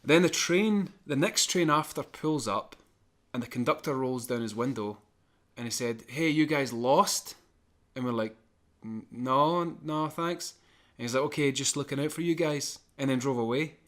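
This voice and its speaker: A man co-hosting a podcast, telling a long personal anecdote in an animated, chatty way and chuckling now and then. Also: medium pitch, a little fast. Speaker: podcast co-host. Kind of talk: casual storytelling.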